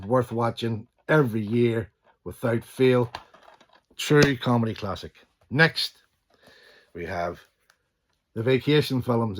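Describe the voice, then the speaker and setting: A middle-aged man, enthusiastically chatting about favourite films and swearing casually, often trailing off into quieter asides. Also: mid-range voice, slightly rough. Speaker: channel host. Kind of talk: casual film collection chat.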